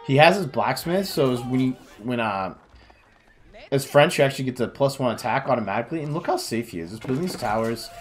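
This gaming video creator is a young man, weary and yawning, who reviews footage of his own match and groans self-critically over every slip. He speaks briskly in a mid-range voice with lively intonation.

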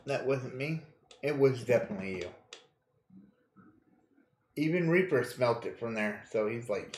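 A man's voice: medium pitch, expressive, unhurried, pauses often, reverberant, a little hiss or hum. A man casually commenting on a video game he plays, joking crudely, laughing often and reading game text aloud. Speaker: gaming streamer. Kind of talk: casual let's-play commentary.

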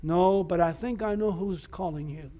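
A man, a preacher, voicing an old high priest quietly soothing a young boy in a Bible retelling. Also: normal speed, natural voice.

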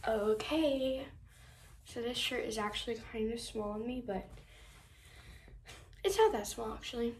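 A teenage girl rambles into her phone camera at home, slow and unhurried, piling on fillers and exaggerated complaints. Her voice sits a little high, and a faint hiss runs underneath. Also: expressive, darkish tone. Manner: rambling, filler-heavy, dramatic about small things. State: out of breath. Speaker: vlogger. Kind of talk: casual vlog chat. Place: home, getting ready.

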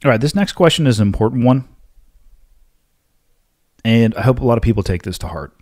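A man hosting a solo podcast, answering listener questions in a blunt, forceful, lecturing way. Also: mid-range voice, lively intonation, fairly quick, no echo, studio quality. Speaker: podcast host.

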